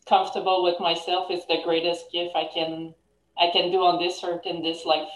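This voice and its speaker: A woman caller speaking hesitantly through tears on a video call. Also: lowish voice. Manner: hesitant, halting, emotional. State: teary. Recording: echoey and distant.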